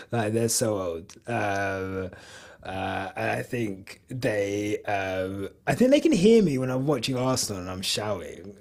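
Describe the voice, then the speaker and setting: A man's voice: fairly low pitch, very animated, slow, darkish tone. A young man chatting casually on a live stream, rambling with many fillers and casual swearing. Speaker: podcast host streaming live.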